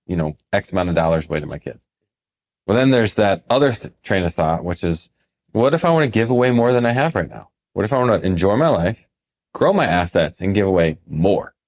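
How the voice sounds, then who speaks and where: Low-pitched male advisor, animated storyteller, casual podcast talk. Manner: animated storyteller, acts out quoted clients. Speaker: financial advisor.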